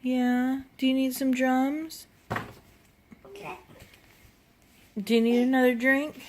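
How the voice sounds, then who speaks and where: A woman's voice: high voice, takes it slowly, a little hiss or hum. A woman filming her baby at home, coaxing him in sing-song baby talk. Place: at home indoors.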